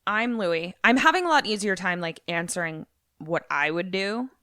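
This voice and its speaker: A woman with a bright, sharp, lowish voice plays along in casual podcast chat. She reacts loudly and swears freely. The close mic sounds dry. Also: expressive, moderate pace, no echo. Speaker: podcast co-host. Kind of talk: casual chat, playing along in a story game.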